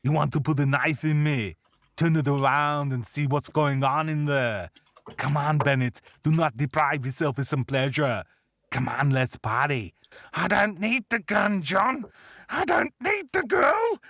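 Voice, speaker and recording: A man's voice: medium pitch, steady tone, normal speed, fairly bright tone, no room sound, clean studio sound, pitched above the performer's own voice, close to an everyday voice. A man doing an impression of a muscle-bound action-movie hero, reciting taunting lines in a theatrical put-on accent.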